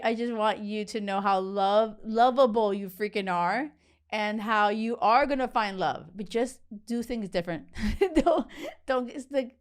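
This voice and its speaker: A woman in her forties, a dating coach hosting a podcast, giving a casual motivational talk in an energetic, blunt way, swearing freely and often repeating words. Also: on the high side.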